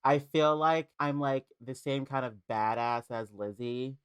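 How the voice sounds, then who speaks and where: A man in his twenties, a guest on a casual chat podcast, talking in a sassy, animated way and acting out the voices he quotes. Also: mid-range voice, unhurried, clean tone, dry recording. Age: 20s.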